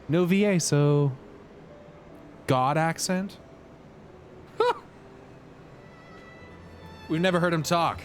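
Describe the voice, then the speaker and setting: A man's voice: fairly high pitch, lively intonation, slow pace, long pauses, soft background music. A man doing casual, jokey gameplay commentary, reading game dialogue aloud, laughing and swearing now and then. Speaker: game streamer.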